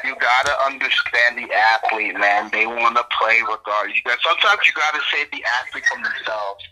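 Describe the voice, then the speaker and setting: A man with a mid-pitched, very bright and sharp voice talks baseball in casual podcast chat. He is easygoing and often repeats words as he goes. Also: a little fast, low-quality recording. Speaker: podcast co-host.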